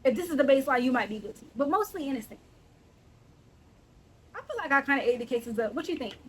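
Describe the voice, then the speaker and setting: A woman's voice: sits high, expressive, quick pace, husky, low-quality recording. A young adult woman hosting a casual solo podcast, talking in a blunt, sassy and playfully indignant way. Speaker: podcast host.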